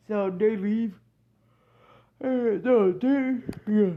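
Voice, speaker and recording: A woman's voice: on the low side, a little slow. Rambling woman, dull lo-fi sound. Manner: rambling, hesitant, frequent self-corrections. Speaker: storyteller. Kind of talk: improvised fan-fiction retelling. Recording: dull lo-fi recording.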